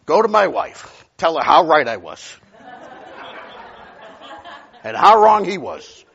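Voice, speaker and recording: A man preaching with a husky, slightly high voice. His pitch jumps all over as he tells stories, shifting from loud bursts to near whispers. The sound is dull and lo-fi, like an old church recording. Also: slow. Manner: animated storytelling, swings from loud outbursts to near whispers. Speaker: pastor. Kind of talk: sermon.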